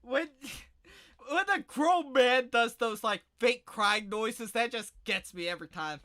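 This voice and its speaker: High, bright-voiced man joking crudely. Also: measured pace. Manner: crude joking, loud mock-shouting impressions, frequent laughter. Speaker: podcast co-host. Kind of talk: casual chat.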